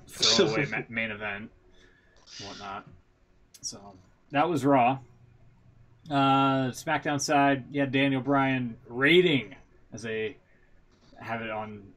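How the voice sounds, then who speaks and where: A man's voice: on the low side, fairly bright tone. Rambling, jokey male podcast co-host. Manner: rambling, jokey, laughs at his own impressions. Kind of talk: casual wrestling chat.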